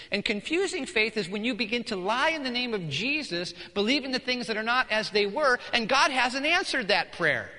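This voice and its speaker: A man preaching a sermon as pastor, acting out scenes and swinging from hushed to shouting. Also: high-pitched. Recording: long hall reverb.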